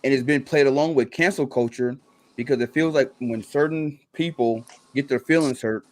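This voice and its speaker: A man co-hosting a podcast, explaining terms in a steady, plain way with some "um"s. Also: mid-range voice, normal speed. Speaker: podcast co-host. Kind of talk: casual explaining.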